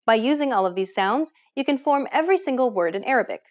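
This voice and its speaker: A woman's voice: a little high, lively intonation, fast. A woman hosting a language lesson, giving scripted, encouraging explanations in an upbeat way.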